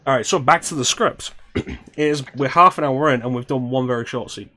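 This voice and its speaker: A man's voice: medium pitch, a little fast, bright, forceful tone. A man co-hosting a casual streamed chat, wry and joking as he plans a script reading. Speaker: podcast co-host.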